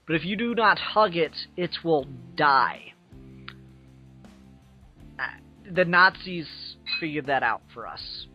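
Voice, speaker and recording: A man's voice: a little high, bright, forceful tone. A man co-hosting a podcast in casual chat, making wry, joking asides. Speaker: podcast co-host. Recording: dull lo-fi podcast audio with faint music.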